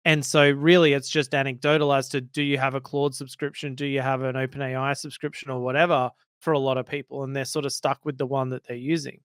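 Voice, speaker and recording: A man's voice: mid-range voice, flat delivery, fast, hardly any pauses, clear, resonant tone, no echo, clean studio sound. A man co-hosting a tech podcast, making thoughtful points at length. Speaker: podcast co-host. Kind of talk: casual tech podcast chat.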